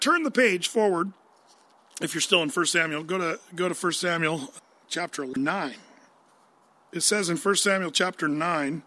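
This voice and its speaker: A man preaching. He reads scripture and talks through it in a lively, conversational way, asking his listeners questions. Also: sits high. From United States. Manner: animated, conversational, asks the audience questions. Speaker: pastor. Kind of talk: sermon with scripture reading.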